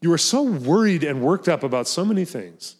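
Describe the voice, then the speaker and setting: A man's voice: fairly high pitch, big pitch swings, a little fast. A man preaching a sermon as pastor, talking earnestly and emphatically, often repeating words and phrases for effect.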